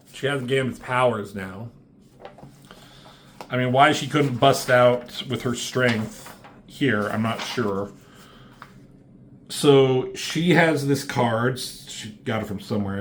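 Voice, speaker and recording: A man of middle pitch talks through a comic book plot in a loose, rambling way. He curses freely and keeps his tone offhand, like a casual reviewer chatting to his viewers. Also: a little slow, slight background noise.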